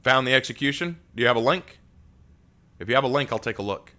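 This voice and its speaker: A man's voice: medium pitch, expressive, fast, pushed and bright. A man chatting casually on a live stream, joking with his chat, laughing often and restarting his words.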